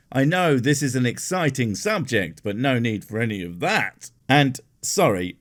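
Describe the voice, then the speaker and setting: Sarcastic, lively man ranting. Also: mid-range voice, moderate pace, hardly any pauses. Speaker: commentary host. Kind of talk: sarcastic reaction commentary.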